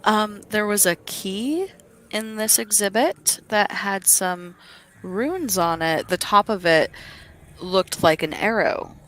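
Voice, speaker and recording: A woman playing a tabletop game, chatting casually and asking quick questions. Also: medium pitch, a bit bright, slight background noise. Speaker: player. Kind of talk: casual play chat.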